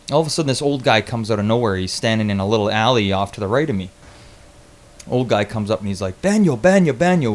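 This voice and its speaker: A young man casually telling a travel story on his vlog, animated and swearing freely, with lots of restarts. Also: mid-range voice.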